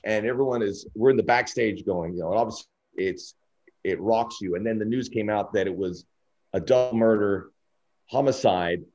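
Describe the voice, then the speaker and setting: A middle-aged man with a fairly low voice tells candid stories as an interview guest, briefly slipping into the voices of people he quotes. The audio is dull and lo-fi. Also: normal speed. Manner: animated anecdotes, acting out quoted dialogue. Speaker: sports broadcaster, podcast guest.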